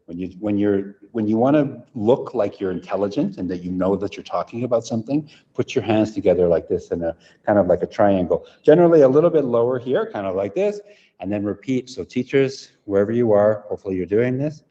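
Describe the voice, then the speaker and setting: Man, workshop presenter, animated delivery, deep-ish, reverberant hall. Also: brisk. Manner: demonstrative, keeps checking in with "right?". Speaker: workshop presenter for English teachers. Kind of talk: interactive teacher-training workshop. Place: conference venue away from home. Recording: echoey hall, dull lo-fi sound.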